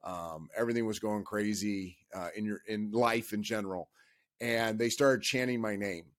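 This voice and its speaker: A man's voice: fairly low pitch, normal speed. A man in his fifties and former pro quarterback, telling stories earnestly in casual conversation. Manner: earnest, animated storyteller.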